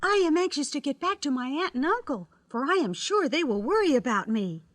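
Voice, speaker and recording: Kind, eager young girl, woman doing the voice, high and lively, for a storybook record. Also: fairly quick, in a large hall. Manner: polite, clear and eager.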